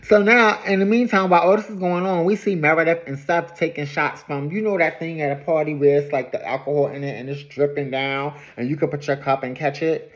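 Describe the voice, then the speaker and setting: A woman casually recapping a reality show episode in an animated, gossipy storytelling manner. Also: low-pitched, brisk, hardly any pauses.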